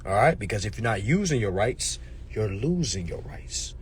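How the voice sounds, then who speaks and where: A man delivering a casual, preachy rant to his viewers, swearing freely, tagging his points with "all right?" and swinging between murmurs and shouts. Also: fairly low pitch, big pitch swings, moderate pace, slight background noise. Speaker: social media commentator. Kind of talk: casual ranting monologue.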